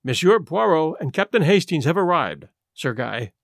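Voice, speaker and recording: Guy doing a serious gray-bearded archaeologist, formal and steady, dry close mic. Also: fairly high pitch, moderate pace, gravelly, no room sound. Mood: grave. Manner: grave, formal.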